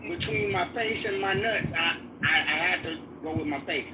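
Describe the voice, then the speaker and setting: Man, loud, laughing, slow, high voice, trucker headset, loud road noise. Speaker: livestream guest. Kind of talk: casual group chat. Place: truck cab.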